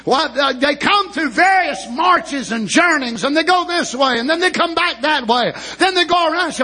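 A preacher delivers an impassioned sermon in a very high, ringing voice. He shouts out his points in bursts and stretches certain phrases slowly for weight. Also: expressive.

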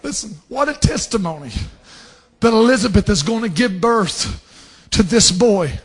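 A man preaching a fervent sermon, dropping to hushed asides and rising to shouted scripture. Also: sits high, animated, a little slow.

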